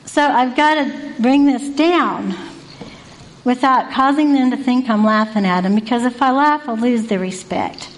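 Woman telling a lively personal story. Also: on the high side, a little slow, rough recording. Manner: animated, conversational, acts out voices. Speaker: night staff at a youth residential facility.

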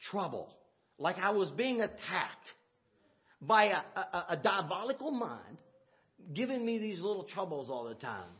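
High-pitched, lively preacher, lo-fi. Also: male voice, a little slow. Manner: swings from shouting to low murmurs, laughing asides. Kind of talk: sermon.

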